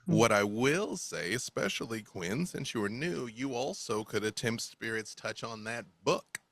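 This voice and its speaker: Lively, bright-voiced man running a game. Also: lowish voice, a little slow. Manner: explains rules, checks details aloud. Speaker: game master. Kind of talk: narrating a tabletop game over a call. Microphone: video call.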